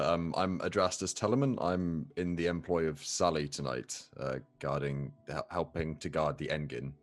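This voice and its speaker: A man playing his character in a tabletop game, speaking hesitantly and politely with many pauses. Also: rumbling low, soft background music. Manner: hesitant, polite, lots of ums. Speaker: player.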